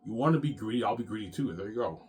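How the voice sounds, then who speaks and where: Agitated man ranting low-voiced. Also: expressive, rapid-fire, faint music behind. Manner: agitated, repetitive, swears. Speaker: self-published author and vlogger. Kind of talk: rambling monologue to viewers.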